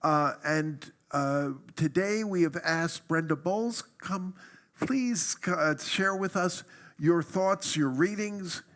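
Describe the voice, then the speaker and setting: A man leading a church congregation in spoken recitation, relaxed and folksy, with frequent fillers. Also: fairly high pitch, takes it slowly. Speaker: minister leading a service. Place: church sanctuary.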